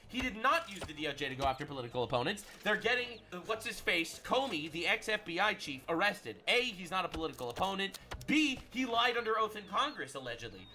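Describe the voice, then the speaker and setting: A man's voice: fairly high pitch, sharp tone. A man hosting a livestream, giving brash, profane, sarcastic political commentary. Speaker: livestream host.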